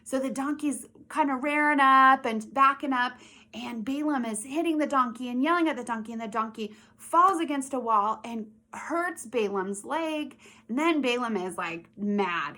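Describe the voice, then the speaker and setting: Young mom teaching a kids bible lesson, chatty and animated, keeps asking the kids stuff. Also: female voice, fairly high pitch, moderate pace. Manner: animated storytelling, asks children questions.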